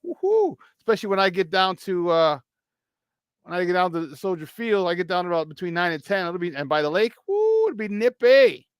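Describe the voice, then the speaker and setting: High-voiced, animated man hosting sports talk. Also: clean tone, dry recording. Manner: animated, jokey, quick laughs and restarts. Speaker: sports talk show host. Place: radio studio.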